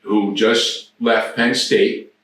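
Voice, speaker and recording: A man's voice: lowish voice, little pitch movement, extremely slow, fairly bright tone. A man in his sixties telling rambling, profane anecdotes as an interview guest. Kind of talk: casual storytelling. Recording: very echoey room, distant mic.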